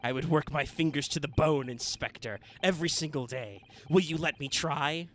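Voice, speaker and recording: A man's voice: a little high, normal speed, fairly bright tone, slight background noise, close to an everyday voice. A man reading the part of an earnest young man pleading to become a lawyer, in a determined, heartfelt way. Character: earnest young male law student. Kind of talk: reading game dialogue aloud.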